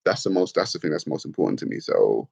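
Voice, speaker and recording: Blunt, low-voiced British man streaming. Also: fast talker, vocal fry, breathy edge. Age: adult with children. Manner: blunt, profane, animated, laughs often. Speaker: livestream host reading chat comments. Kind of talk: casual livestream talk.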